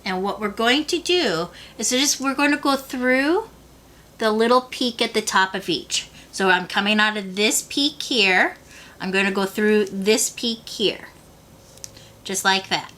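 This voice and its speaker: A woman's voice: mid-range voice, a little slow, sharp tone. A woman teaching a beading tutorial, patiently talking the viewer through each step. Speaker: beading instructor.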